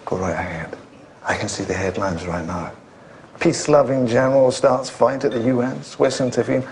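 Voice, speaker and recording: An actor playing a foul-mouthed, combative political spin doctor in a film, firing off sarcastic put-downs. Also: male voice, medium pitch, moderate pace, a little mellow, a little hiss or hum, close to an everyday voice. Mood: sneering. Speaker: film character in a clip.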